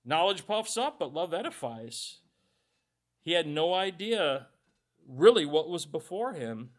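A man's voice: a little high, sing-song, a little slow. A male pastor giving a conversational sermon, reading scripture aloud and adding joking asides.

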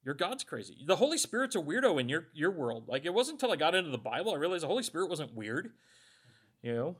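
A man's voice: on the high side, very animated, fast, a bit bright, breathy edge. A male pastor giving a conversational sermon, reading scripture aloud and adding joking asides.

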